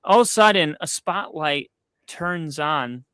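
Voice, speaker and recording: A man's voice: a little high, animated, measured pace, bright, forceful tone, clear, resonant tone, no echo. A young man hosting a casual sports podcast, telling a story with loose fillers and frequent swearing. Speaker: podcast host. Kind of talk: casual chat.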